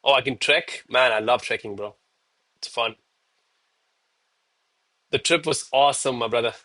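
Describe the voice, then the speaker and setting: A man's voice: medium pitch, normal speed, pushed and bright. A man in his thirties chatting casually to viewers while streaming, calling them bro and man, a little out of breath from exercising. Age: 30s. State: out of breath between push-ups. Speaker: live trading streamer. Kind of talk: live-stream commentary and chat.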